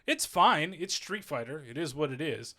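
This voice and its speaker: A man's voice: on the high side, animated, moderate pace, sharp tone. A man co-hosting a casual podcast, rambling and joking, often laughing. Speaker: podcast co-host. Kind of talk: casual chat.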